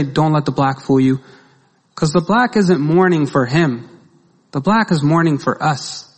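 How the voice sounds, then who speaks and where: A man's voice: on the high side, slightly rough. Man preaching in a reverberant church. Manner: asks the congregation rhetorical questions, lively. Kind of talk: sermon. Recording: long reverb of a large hall.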